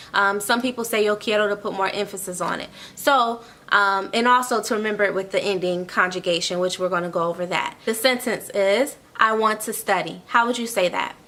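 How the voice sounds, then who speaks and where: A woman's voice: mid-range voice, bright, forceful tone. A woman tutoring an online language lesson. She explains step by step, repeats each phrase and keeps checking in with "okay?". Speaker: Spanish tutor.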